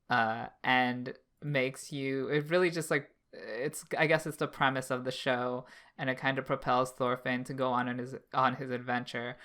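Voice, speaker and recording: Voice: mid-range voice, pushed and bright, clean tone. A podcast co-host talking casually about anime, thoughtful and hedging, with many fillers. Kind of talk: casual anime discussion chat.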